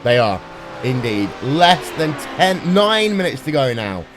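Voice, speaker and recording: A man calling a sim race live, brisk and playful, with dry jokes. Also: mid-range voice, very animated, background noise. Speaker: sim racing commentator. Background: music playing underneath.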